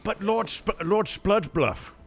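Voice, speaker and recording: A man playing a smooth-talking, scheming male lord in a tabletop role-play, in a pompous mock-aristocratic voice. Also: sits high, animated, measured pace, faint music behind. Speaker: player.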